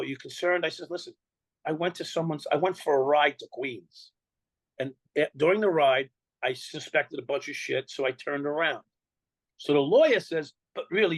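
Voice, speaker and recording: Speaking in a New York accent, an older male interview guest tells his story with plenty of swearing and no sugarcoating, performing other people's lines himself. His somewhat high voice carries vocal fry, captured in a close, dry, rough recording.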